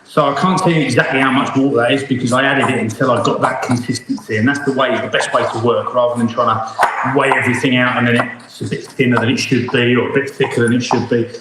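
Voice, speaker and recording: A man's voice: mid-range voice, steady tone, fast talker. Chatty male chef in an echoey kitchen. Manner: chatty, upbeat, talks while cooking. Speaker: chef hosting a cookalong. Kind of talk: live online cooking demonstration. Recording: very echoey room, faint noise.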